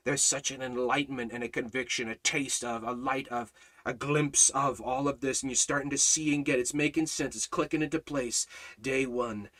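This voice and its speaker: Bright-voiced man preaching with swelling intensity. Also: steady tone, normal speed. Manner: swings from hushed, low passages to loud, high-pitched preaching. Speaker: Bible study teacher. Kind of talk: impassioned sermon.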